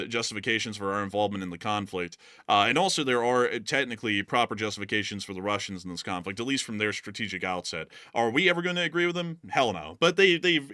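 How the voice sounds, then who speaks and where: A man's voice: on the low side, sharp tone, no room sound, studio quality. A man hosting a live-streamed news show, casually commenting and reading out viewer chats, with lots of fillers and restarts. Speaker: livestream news host.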